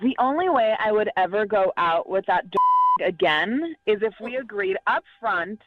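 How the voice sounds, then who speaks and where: A woman's voice: medium pitch, wildly swooping pitch, normal speed. A woman caller arguing over the phone in a mocking, taunting way. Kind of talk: heated phone argument. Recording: muffled phone line.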